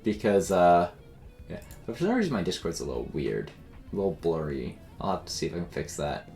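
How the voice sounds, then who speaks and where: A man's voice: low voice, sing-song, fairly quick, darkish tone, faint music behind. A young man streaming games and telling a story in a rambling, filler-heavy, self-deprecating way. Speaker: game streamer. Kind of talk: casual storytelling while streaming.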